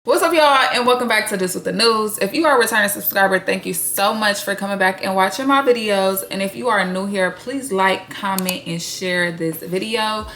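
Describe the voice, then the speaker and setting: A woman's voice: mid-range voice, normal speed, hardly any pauses, pushed and bright. A woman hosting her own video channel, giving a casual, blunt and profane reality TV recap full of slang. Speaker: YouTube recap host.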